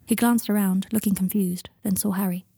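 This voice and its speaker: A woman narrating an audiobook in an even storytelling manner on a close microphone. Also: mid-range voice, a little fast, creaky, husky, dry recording.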